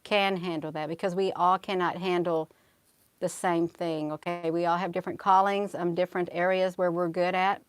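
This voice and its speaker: A woman's voice: fairly low pitch, level tone, normal speed, smooth, no room sound. A middle-aged woman telling a spiritual story in a casual, earnest way. She often repeats herself and restarts her sentences, and she turns preachy and prayerful. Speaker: channel host.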